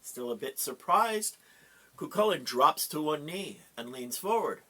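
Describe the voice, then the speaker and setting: Male storyteller, animated, dramatic pauses, somewhat high voice. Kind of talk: oral folk tale telling.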